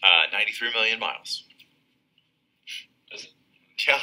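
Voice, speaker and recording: A keen know-it-all office worker who reels off facts without pausing. His voice is lowish and very bright. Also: low-quality recording. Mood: eager. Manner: rattling off facts eagerly. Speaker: job candidate in a TV comedy clip.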